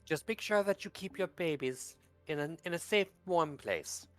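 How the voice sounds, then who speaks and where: A man voicing a gentle, kindly old grandmother who speaks softly and soothingly and calls people dearie. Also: a little high, lively intonation, normal speed, soft background music, voice pushed up, close to an everyday voice.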